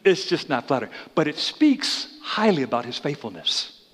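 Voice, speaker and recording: A man preaching a sermon in a church sanctuary, with dynamic delivery that rises loud and drops low, addressing the congregation directly with questions and asides. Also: big pitch swings, moderate pace. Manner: dynamic preaching, swinging between loud raised passages and quiet low ones. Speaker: pastor. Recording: long reverb of a church hall.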